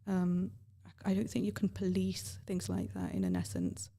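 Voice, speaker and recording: A woman's voice: fairly low pitch, very animated, moderate pace, mellow. A woman guest on a radio interview, answering thoughtfully with some hesitation. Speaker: guest, founder of a legal organisation.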